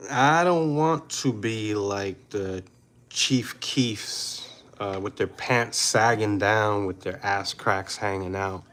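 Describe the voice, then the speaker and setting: A man in his forties from New York City hosts a livestream and talks bluntly over the chat. His voice sits low, and he takes his time, with long drawn-out pauses. He often slips into Spanish phrases. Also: fairly bright tone. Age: 40s. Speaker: livestream host. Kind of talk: casual livestream commentary reading chat.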